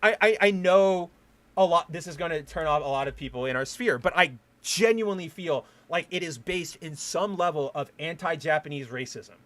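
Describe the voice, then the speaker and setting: Man, podcast host, casual rant, profane, heated, slightly high-pitched. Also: moderate pace, a bit bright. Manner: heated, profane ranting with frequent restarts.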